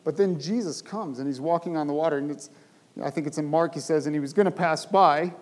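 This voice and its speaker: A male pastor preaching a sermon, speaking with animated emphasis and rising to loud, emphatic bursts. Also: on the high side, a little fast, low-quality recording.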